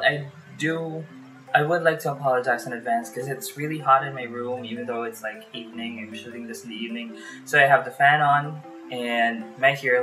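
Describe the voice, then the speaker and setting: A man from the Philippines telling call center stories in a casual vlog, chatty and full of fillers, recorded in a small warm bedroom with a fan running. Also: mid-range voice, rough recording. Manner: chatty, lots of "like" fillers, acts out phone calls. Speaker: vlogger.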